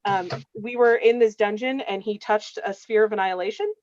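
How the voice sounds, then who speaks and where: A game master staff member speaks a little fast at medium pitch with a darkish tone, and the audio is dull with slight background noise. She chats casually on a livestream video call, telling long, filler-laden game stories.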